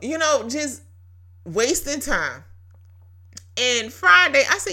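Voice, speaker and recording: A woman hosts a casual devotional talk in a bright, somewhat high voice. She tells her story in an animated way, laughing often and repeating key phrases for emphasis. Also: unhurried. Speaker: podcast host.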